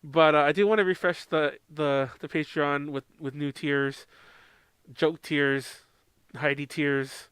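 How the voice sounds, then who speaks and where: High-voiced, rambling American man. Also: steady tone, slow, a bit bright, clean tone, no echo. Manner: rambling, laughs often, swears freely. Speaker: podcast co-host. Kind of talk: casual chat.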